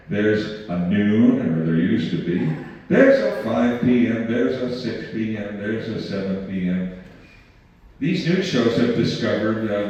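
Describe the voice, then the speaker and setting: A man's voice: on the low side, mellow. An older man giving a folksy, digressive talk about his career in journalism to a community audience. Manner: folksy storytelling, digressive asides. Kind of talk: conversational lecture with anecdotes. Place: community meeting room. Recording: distant roomy mic in a reverberant hall, muffled.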